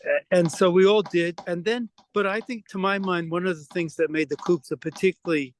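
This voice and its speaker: A man's voice: sits high, steady tone, fairly quick, a little hiss or hum. A man in his seventies from New York City, reminiscing about his childhood in an oral history interview. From the Bronx, New York City. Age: 70s. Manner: reminiscing, conversational storytelling.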